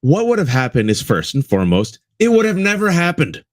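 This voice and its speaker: A man with a slightly high voice speaks fairly quickly, his pitch swinging widely. He co-hosts a live political talk show, delivering impassioned commentary, calling his listeners "folks," and repeating lines for emphasis.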